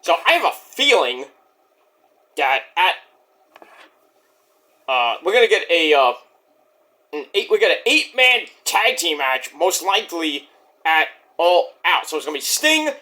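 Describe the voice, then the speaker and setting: Man, casual vlog review, high-ish voice, lively pitch, rambling with fillers, profane. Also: unhurried, long pauses. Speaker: wrestling show reviewer.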